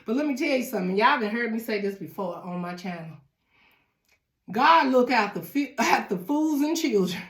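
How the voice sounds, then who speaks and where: Woman doing a tarot reading, chatty, laughs a lot, higher voice, echoey room. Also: expressive, normal speed, a bit bright. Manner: chatty, laughs often, talks straight to the viewer. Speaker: tarot reader. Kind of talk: casual tarot reading to viewers.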